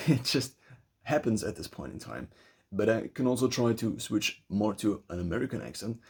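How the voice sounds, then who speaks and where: A man's voice: lowish voice, lively intonation, normal speed, darkish tone, breathy edge. A young man with a German accent, talking through his thoughts in a loose spoken essay, restarting phrases as he goes. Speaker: vlogger.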